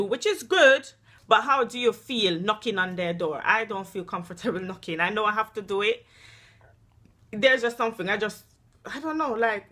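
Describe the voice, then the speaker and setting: A woman's voice: medium pitch, sharp tone. A mother vlogger, lecturing her daughter in casual chat and laughing often, sounding tired and unwell. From Jamaica. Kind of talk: casual family vlog chat.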